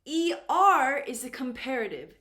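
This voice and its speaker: Woman English teacher, slow and patient, a bit high-pitched, echoey room. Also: sing-song, sharp tone. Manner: patient, stresses and repeats key words, checks with "right?". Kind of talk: slow, clear classroom explanation.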